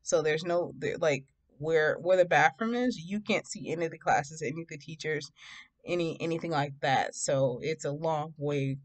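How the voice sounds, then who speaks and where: A woman in her thirties from Detroit telling a personal story in a casual, animated way, often laughing and acting out both sides of the conversations. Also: low-pitched, moderate pace. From Detroit, USA. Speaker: storytime vlogger.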